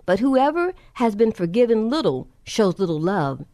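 A woman preacher voicing a calm male teacher who speaks in a measured, solemn way, a little lower than her own voice. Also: no room sound, clean studio sound, close to an everyday voice.

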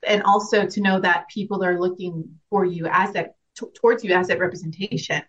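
A woman's voice: lowish voice, steady tone, a little fast, fairly bright tone, breathy edge, lo-fi sound. A young adult woman, an actress guest, talking casually and earnestly in an interview, reflective, with frequent restarts and laughs.

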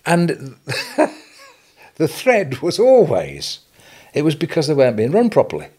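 An older English man, a retail businessman, telling stories as a guest on an interview podcast, animated and chuckling as he goes. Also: on the high side, slow pace, breathy edge. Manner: animated anecdotal storytelling, chuckling. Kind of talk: storytelling interview.

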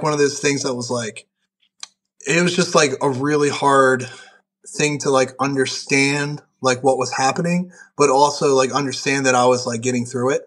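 In casual podcast chat, a young guest who is a powerlifter and referee rambles through profane stories full of "like." His voice is medium in pitch and a bit bright.

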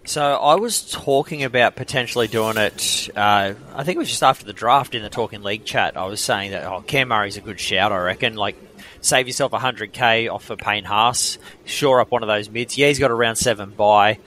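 A man's voice: fairly low pitch, normal speed, sharp tone, a little hiss or hum. A man with an Australian accent, co-hosting a sports podcast and giving firm, opinionated takes with frequent ums. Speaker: podcast co-host. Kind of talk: casual sports chat.

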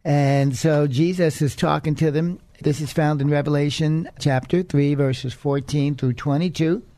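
A man's voice: fairly high pitch, fairly even intonation, unhurried, warm tone, no room sound. A man teaching the Bible on his radio program in an earnest, conversational way.

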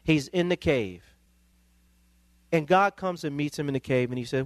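A male pastor, preaching a sermon that climbs into emphatic, excited peaks. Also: fairly high pitch, moderate pace, no echo.

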